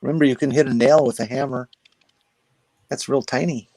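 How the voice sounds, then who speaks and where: A man's voice: mid-range voice, fairly even intonation, brisk, mellow, no room sound. A man making blunt, wry remarks in a casual group chat.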